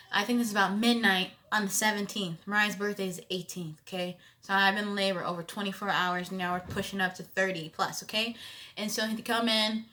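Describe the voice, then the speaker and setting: A young woman in her twenties telling a personal story in a casual vlog, expressive and conversational, with loud emphatic bursts. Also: mid-range voice. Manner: animated storytelling with frequent "you know what I'm saying". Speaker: vlogger.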